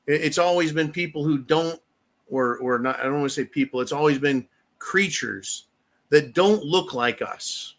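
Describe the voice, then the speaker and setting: A medium-pitched, slightly bright male voice belongs to an American livestream host. He rants casually and profanely, rambling and blunt, while reading viewer messages out loud.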